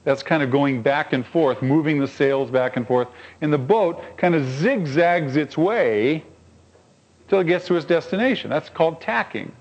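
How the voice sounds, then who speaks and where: A man preaching a sermon, telling stories and asking rhetorical questions of his congregation, swinging between high emphatic lines and low quiet asides. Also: expressive, moderate pace, dull audio. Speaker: pastor.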